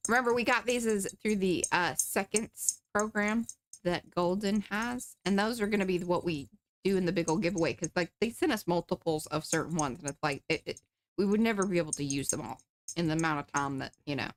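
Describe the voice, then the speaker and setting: A woman's voice: fairly low pitch, brisk, a little hiss or hum. A woman co-hosting a live art stream, joking and chatting, and reading viewer comments aloud. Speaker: co-host. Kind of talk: casual chat during a live art stream.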